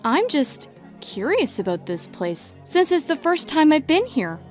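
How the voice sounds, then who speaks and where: A feisty young heroine, voiced by a woman for an audiobook. Her voice is high and animated, flustered yet quick to retort. Faint music lies underneath. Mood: annoyed. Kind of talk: audiobook character voicing.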